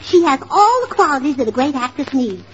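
A woman's voice: high voice, very animated, a little fast, slight background noise. A woman doing scatterbrained, chirpy 1940s radio comedy acting. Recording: old lo-fi radio broadcast with studio audience.

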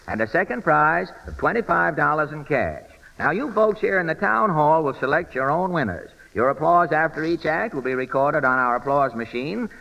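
A man's voice: fairly high pitch, gravelly, sharp tone. A man hosting a 1930s radio amateur contest, bantering and teasing the contestants in a large theater hall. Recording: old radio broadcast in a reverberant hall.

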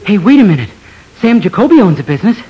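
A man's voice: sits high, big pitch swings, fast talker, husky, highs cut off, exaggerated voice. A man playing a naive, bumbling young man in a 1940s radio comedy, cheerful and scatterbrained. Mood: sheepish. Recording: hissy old radio broadcast.

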